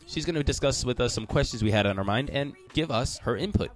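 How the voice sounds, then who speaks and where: Male podcast host, upbeat and jokey, mid-pitched, faint music behind. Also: expressive, fast talker. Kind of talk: casual podcast chat.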